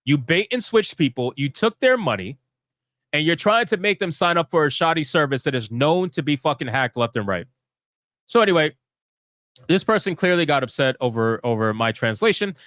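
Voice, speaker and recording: A man's voice: fairly high pitch, expressive, normal speed, fairly bright tone, no echo, studio quality. A man hosting a live stream, giving heated, profane commentary in a fired-up, emphatic way.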